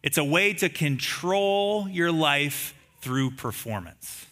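A man delivering a sermon as a pastor, his voice very bright and a little high for a man. He talks to the congregation conversationally, leaning on rhetorical questions. He acts out the lines of the people in the story with animated storytelling. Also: takes it slowly.

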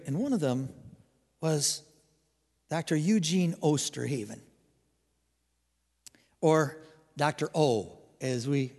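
An older male pastor preaches with a high, lively voice that swoops through a wide range. He tells his story and presses his points with fervent emphasis. His words ring out in a reverberant hall. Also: vocal fry. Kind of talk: sermon.

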